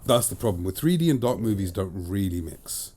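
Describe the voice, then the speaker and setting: Chatty male host, slightly low voice, talks in emphatic repeated phrases. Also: lively intonation, fairly quick, dark tone. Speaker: podcast host and disc reviewer. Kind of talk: casual chat.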